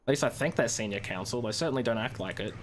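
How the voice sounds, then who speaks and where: A woman's voice: rumbling low, fast talker, noisy background. A young woman in her twenties, a streamer and law student, chatting animatedly and amused while she plays a game. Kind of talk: casual chat while gaming.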